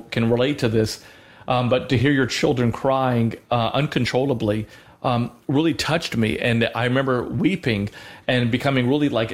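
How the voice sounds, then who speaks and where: Earnest man hosting faith talk. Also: mid-range voice. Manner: earnest, halting, frequent restarts. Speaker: co-host of a Christian show. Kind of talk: faith talk with personal storytelling.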